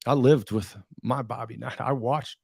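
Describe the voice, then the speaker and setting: A middle-aged man from Michigan, a podcast guest, telling a story with passion, repeating words for emphasis and pausing for drama. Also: mid-range voice, creaky, darkish tone, husky, no echo, clean studio sound. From Michigan, USA. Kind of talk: emotional storytelling in conversation.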